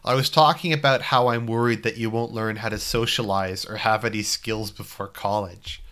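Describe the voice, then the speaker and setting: A man's voice: steady tone, moderate pace, a bit bright, natural voice. A man voicing a cheerful, fussy teenage girl who worries over her childhood friend, reading a visual novel aloud. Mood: pleading. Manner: pleading, motherly nagging in a high put-on voice.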